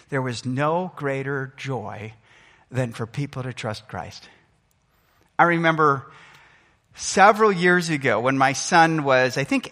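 A man's voice: fairly high pitch, pushed and bright. A middle-aged man preaching a sermon as pastor, earnest and emphatic, his delivery rising and falling. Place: church sanctuary. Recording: long hall reverb.

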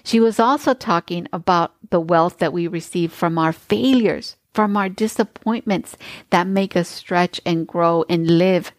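A woman's voice: on the low side, unhurried, no room sound. A woman host reading a book aloud and then commenting on it with gushing enthusiasm.

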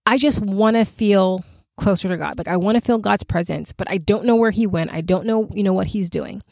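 A woman hosting a faith podcast, talking in an earnest, conversational, animated way to her listeners. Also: mid-range voice, fairly quick, gravelly, dry recording. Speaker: podcast host.

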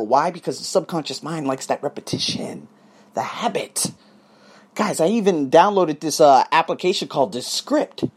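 A man hosting his own podcast, giving an animated, profane, preachy motivational monologue. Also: a little high, slightly rough. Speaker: podcast host. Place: abroad, living in Thailand.

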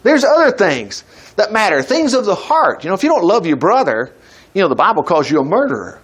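Lively high-pitched male preacher. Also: brisk, slightly rough. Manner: animated, conversational preaching with sudden loud high peaks and soft drops; reads scripture aloud and acts out quoted voices. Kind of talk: sermon.

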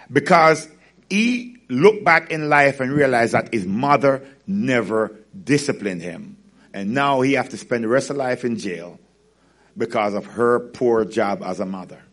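Lively, animated male preacher. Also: mid-range voice. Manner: animated storytelling, laughing often. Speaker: pastor. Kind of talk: sermon.

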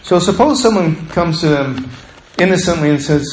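A man's voice: fairly high pitch, expressive, moderate pace, a little hiss or hum. Man preaching in an echoey room. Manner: conversational, acts out quoted voices. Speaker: pastor. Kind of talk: sermon.

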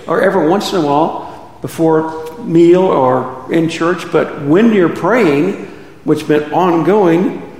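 A middle-aged pastor preaches a conversational sermon in a church sanctuary, throwing rhetorical questions at his congregation. His voice is on the high side and slow, with a darkish tone, and the hall adds an echoey reverb.

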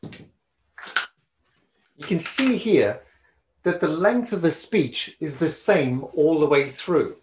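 Lively male speaking coach. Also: very slow, pauses often, a little hiss or hum. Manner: animated, wide swings of loudness and pitch to demonstrate. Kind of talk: presentation skills lesson.

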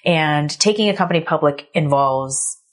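A woman in her thirties hosting a podcast, telling a candid personal story with a reflective tone and soft laughs. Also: deep voice, moderate pace. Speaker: podcast host.

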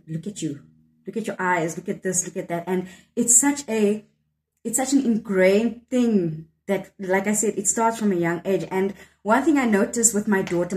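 A woman's voice: lowish voice, a little mellow, low-quality recording. A woman in her thirties with a South African accent, talking earnestly and reflectively about her poem in an interview, often restarting her sentences. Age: 30s. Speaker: poet discussing her poem. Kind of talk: candid conversational interview.

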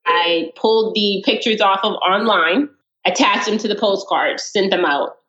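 A woman's voice: mid-range voice, unhurried. A woman guest telling a story in a casual interview, acting out the dialogue as she goes. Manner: animated, acts out quoted dialogue. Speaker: guest, real estate investor. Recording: roomy, dull sound.

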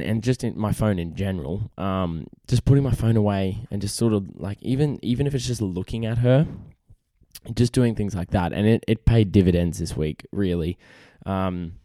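A young man with a low, mellow voice chats casually on his podcast, rambling and poking fun at himself. The sound is dry and close, with no room echo behind him. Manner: rambling, self-deprecating, lots of "you know". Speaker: podcast host. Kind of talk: casual chat.

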